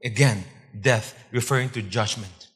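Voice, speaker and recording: Male pastor, husky voice, emphatic sermon delivery with repetition and questions to the congregation, long hall reverb. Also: mid-range voice, normal speed, a bit bright. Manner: emphatic, repeats key points, quizzes the congregation.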